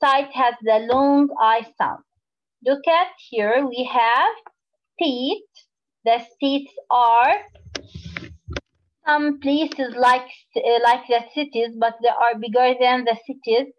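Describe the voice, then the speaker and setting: A woman teaching a phonics lesson to young children, explaining slowly and repeating words. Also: high voice, steady tone, lo-fi sound. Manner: slow, drawn-out teacherly explaining with repetition.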